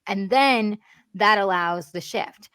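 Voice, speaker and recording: A woman talks as an interview guest in earnest, chatty runs, full of fillers. Her voice sits at a middling pitch. It is recorded dry and close, with no room sound. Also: slow, fairly bright tone, clean tone, no echo. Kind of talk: candid interview conversation.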